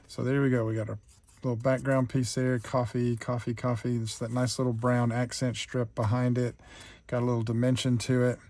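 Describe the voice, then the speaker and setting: Man, craft tutorial host, gravelly voice, talks himself through each step. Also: medium pitch, a little mellow, no echo. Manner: thinks aloud while working, easygoing and chatty. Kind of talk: real-time crafting tutorial chat.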